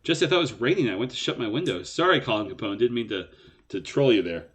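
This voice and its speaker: A man's voice: medium pitch, lively intonation, fast, fairly bright tone. A man co-hosting a poker live stream in casual banter, joking and self-mocking and laughing often.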